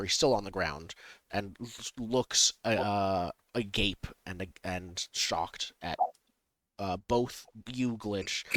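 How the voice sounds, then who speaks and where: A man narrating as game master for a superhero tabletop game, pausing often with ums and restarts. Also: fairly low pitch, fairly bright tone, dry recording. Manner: halting, many ums and restarts.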